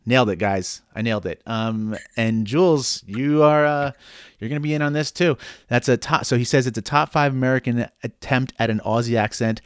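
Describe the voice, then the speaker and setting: A man's voice: medium pitch, a little fast, clear, resonant tone, dry recording, studio quality. Joking male podcast co-host. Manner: joking, bro-ish banter. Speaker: podcast co-host reading listener email. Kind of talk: casual chat.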